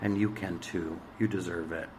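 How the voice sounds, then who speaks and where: A man's voice: sits low, steady tone, moderate pace, background noise. Blunt, swearing spiritual man host. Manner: blunt and preachy, swearing, swings from loud urging to hushed asides; commanding exhortations. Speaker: spiritual astrology show host. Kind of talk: emphatic motivational monologue.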